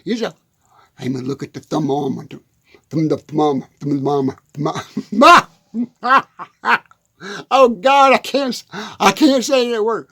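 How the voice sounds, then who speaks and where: A man's voice: high voice, unhurried, long pauses, bright, forceful tone, husky. A man rambling through a comic monologue in a hot, dusty shed. He giggles through his words and keeps stumbling over them. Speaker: country comedian.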